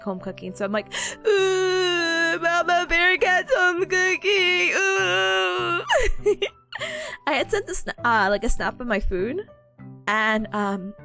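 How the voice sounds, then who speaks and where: A woman's voice: medium pitch, fairly bright tone. A woman in her twenties streaming, chatting casually with viewers, giggling often and reading chat aloud.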